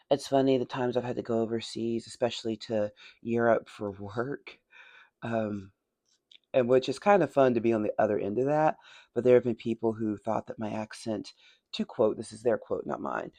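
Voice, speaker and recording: A woman's voice: a bass voice, steady tone, moderate pace, warm tone, no room sound. A chatty woman with a Tennessee Southern accent, talking through her miniature painting. She laughs often and mutters and whispers to herself as she works. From Tennessee, USA. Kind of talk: casual hobby vlog.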